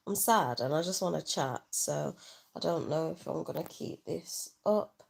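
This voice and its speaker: Young woman vlogger, tearful, low creaky voice, loose rambling phone chat. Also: expressive, a little slow. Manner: rambling, soft-spoken, trailing off. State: sad and tearful. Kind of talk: unplanned livestream chat. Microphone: handheld phone.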